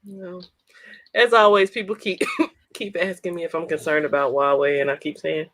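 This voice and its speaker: A woman co-hosting a tech podcast in casual chat, with expressive, emphatic reactions to her partner. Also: low-pitched, moderate pace, no room sound. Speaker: podcast co-host.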